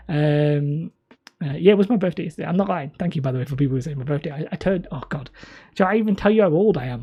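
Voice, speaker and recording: A man chats loosely with his live-stream audience. His voice is husky and mellow, and he rambles and pokes fun at himself. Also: fairly high pitch. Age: 30s. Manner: rambling, self-mocking, chuckling. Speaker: hobby terrain channel host. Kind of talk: casual live-stream chat with viewers.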